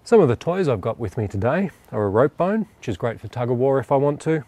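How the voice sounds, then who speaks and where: Calm man explaining dog training. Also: mid-range voice, fast talker, no room sound. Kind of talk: instructional demonstration.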